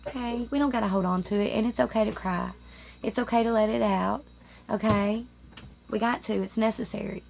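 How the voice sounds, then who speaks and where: A woman's voice: mid-range voice, steady tone, brisk, creaky, a little mellow. A woman giving a rambling, chatty tarot reading at home, often stopping to interrupt herself. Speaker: tarot reader. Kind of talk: casual spiritual chat to camera. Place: home room with roommates nearby.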